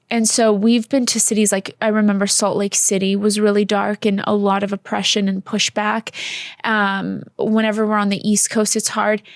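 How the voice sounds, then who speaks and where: A woman's voice: medium pitch, no echo, clean studio sound. A woman co-hosting a faith podcast, talking in an earnest, heartfelt way with many fillers. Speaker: podcast co-host. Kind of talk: casual faith podcast chat.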